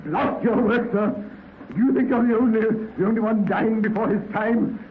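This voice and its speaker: An actor playing a stiff, formal old gentleman who lectures the young and stammers as he restarts, in 1930s radio drama style. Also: high-pitched, normal speed, phone-quality sound. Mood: indignant. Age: older. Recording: scratchy, echoey 1930s radio broadcast.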